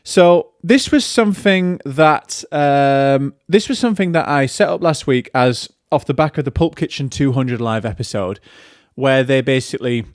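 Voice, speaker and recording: A man's voice: medium pitch, moderate pace, dry recording, clean studio sound. A man hosting a casual solo film podcast from a room at home, speaking in a chatty, rambling, self-mocking way. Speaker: podcast host and film critic.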